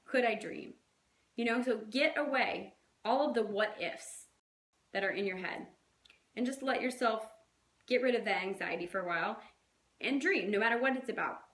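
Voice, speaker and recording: A woman's voice: fairly high pitch, normal speed, a bit bright, roomy sound. A woman coaching her team in a casual, chatty way, full of fillers and little acted-out quotes. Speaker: fitness coach.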